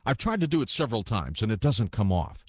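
A man's voice: fairly low pitch, very animated, fast, a little mellow, breathy edge, no echo, clean studio sound. A man voicing a timid, awkward young male ghost who answers apologetically in an audiobook. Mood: meek, apologetic. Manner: apologetic, hesitant, deferential. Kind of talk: audiobook character voice.

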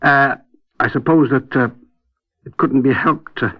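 A man talking as a guest on a radio discussion, hesitant and wry, full of pauses and restarts, on a dull old radio recording. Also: mid-range voice. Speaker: guest commentator.

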